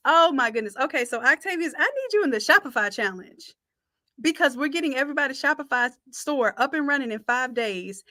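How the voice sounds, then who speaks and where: A woman's voice: sits high, pushed and bright, no echo, clean studio sound. Chatty woman teaching design live. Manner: chatty, talks to viewers as y'all. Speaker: design instructor. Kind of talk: live-streamed design tutorial.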